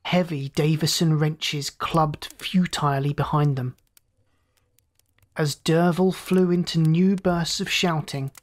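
Calm storyteller narrating a tale. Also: medium pitch. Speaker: storyteller host. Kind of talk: scripted audiobook narration.

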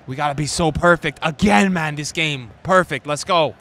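A young man streaming a football video game, swearing and ranting, with his voice swinging from low mutters to angry shouts. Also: normal speed, creaky, few pauses, soft background music. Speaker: gaming streamer. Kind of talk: raging gameplay commentary.

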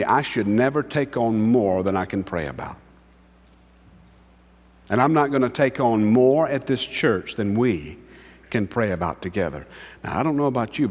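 Pastor preaching in a reverberant sanctuary. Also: male voice, medium pitch. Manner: swings between hushed, drawn-out words and raised emphatic lines. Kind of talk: sermon.

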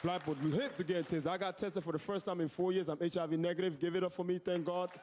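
A man performing a loud, profane stand-up comedy set on a club stage. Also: high-pitched, fairly even intonation, fast talker, a faint crowd, a little hiss or hum. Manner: loud, profane, shouting punchlines.

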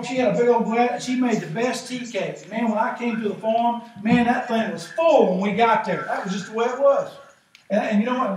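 Middle-aged preacher, high voice, folksy n lively, heard from far off in a big echoey church w faint hiss. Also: male voice. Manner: folksy, animated, acts out quoted voices. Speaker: pastor. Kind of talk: sermon. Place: church sanctuary.

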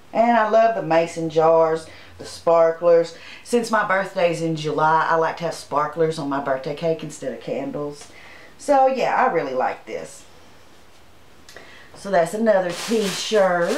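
A woman's voice: sits low, echoey room, slight background noise, poor audio. A woman, from Arkansas, chatting casually and homily as she shows her shopping haul to the camera. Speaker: channel host.

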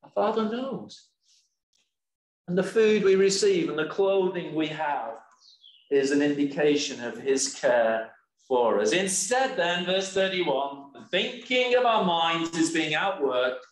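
Male preacher, sermon, slow deliberate delivery, slightly high voice, echoey church hall. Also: expressive. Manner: slow, emphatic preaching with rhetorical questions.

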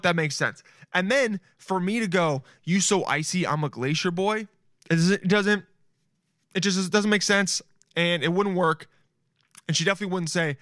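A young man talks on his podcast in a lively, slangy riff, breaking into laughs and calling everyone "dude". His voice sits a bit high for a man. The sound is dry and close, with no room around it. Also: normal speed, no echo. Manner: animated, laughing, slangy, keeps saying "dude". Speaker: podcast host. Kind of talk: casual solo podcast riff.

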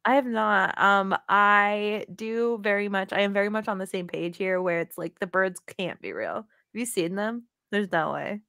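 A woman's voice: mid-range voice, normal speed, few pauses, sharp tone, dry recording, clean studio sound. A young woman co-hosting a podcast in casual chat, laughing often as she talks. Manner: giggly, laughs often while talking. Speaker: podcast co-host.

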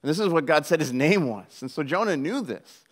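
A male pastor preaches in a lively, casual tone, keeping his delivery conversational and peppered with humor. His voice sits a bit higher than most men's. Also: a little fast. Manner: animated, jokey, conversational preaching. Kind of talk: sermon.

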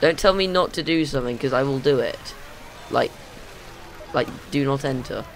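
Excitable man with a gravelly voice. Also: mid-range voice, normal speed, slight background noise. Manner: excitable, panicky, self-mocking. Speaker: gaming video host. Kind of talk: let's play commentary. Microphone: desk condenser mic.

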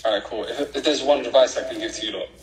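A man's voice: medium pitch, fast, echoey room, a crowd in the background, rough recording. A young man with a London accent chatting on a livestream from outside his house at night, laid-back and a bit defensive. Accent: London English. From London, England. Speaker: livestream guest. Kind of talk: casual livestream chat.

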